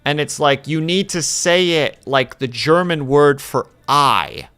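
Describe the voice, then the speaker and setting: A man's voice: a little high, takes it slowly, a bit bright, smooth, faint music behind. A male streamer chatting casually while drawing, telling rambling stories and teasing his viewers. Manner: rambling anecdotal storytelling; playful teasing.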